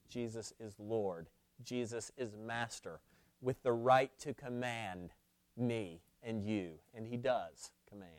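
A man's voice: medium pitch, a little mellow, no room sound, clean studio sound. A man preaching a sermon to his congregation, pressing points home by repeating key phrases, with frequent restarts. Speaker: pastor.

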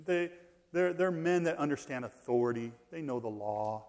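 A man preaching an expository sermon, reading scripture aloud. He stresses his points, repeats key phrases and swings between loud emphasis and quiet drops. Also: a little high, lively intonation, normal speed.

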